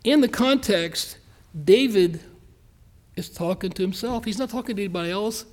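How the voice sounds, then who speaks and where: A pastor preaching a sermon in a folksy, earnest way, slowing down to stress key lines and speeding through quick asides. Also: male voice, high-pitched, darkish tone.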